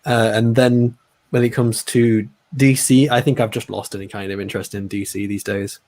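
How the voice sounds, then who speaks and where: A man's voice: fairly low pitch, little pitch movement, moderate pace, darkish tone. Laid-back man chatting casually. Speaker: stream co-host. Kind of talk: casual chat.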